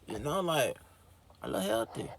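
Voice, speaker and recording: A man hosting his own show, reading a book aloud and breaking off into animated, slangy, swearing commentary. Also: medium pitch, unhurried, creaky, a little hiss or hum. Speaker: host.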